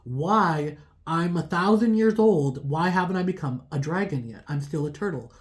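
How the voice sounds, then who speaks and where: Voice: mid-range voice, lively intonation, normal speed, lightly acted. A storyteller voicing a thousand-year-old turtle. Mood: hopeful. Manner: casual, hesitant with fillers. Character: old wise male turtle.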